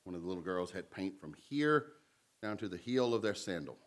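A man's voice: low voice, lively intonation, a little fast. A man pastor preaching a sermon in a conversational way, with humorous stories and asides between scripture readings.

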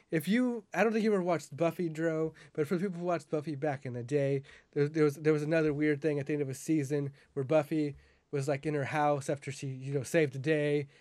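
A man's voice: fairly high pitch, darkish tone, no echo. Ranting, profane podcast co-host man. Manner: rambling profane rant with many restarts. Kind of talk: casual podcast chat.

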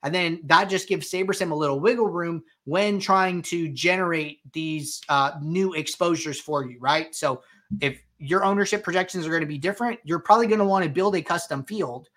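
Man, host, bright voice, slightly high, casual tutorial talk, fillers like "right?". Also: normal speed. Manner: conversational, with frequent "right?" and "um" fillers. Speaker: host answering viewer questions. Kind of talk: live Q&A tutorial, walking through software.

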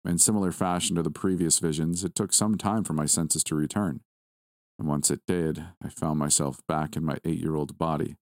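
A man reading a first-person horror story aloud at a steady, measured pace. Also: very deep voice, dry recording, clean studio sound. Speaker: story narrator.

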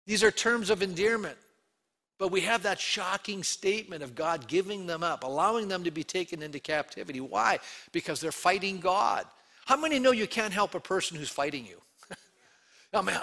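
A pastor delivering a sermon, his voice bright and forceful. He sits somewhat high in pitch and presses his points with rhetorical questions, earnest and emphatic throughout.

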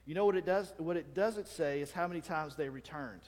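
A man's voice: on the high side, a little fast, darkish tone, long reverb tail. A male pastor preaching a conversational sermon, often checking in with the congregation with "right?" and acting out stories with voices and sounds. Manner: acts out anecdotes with voices and sounds.

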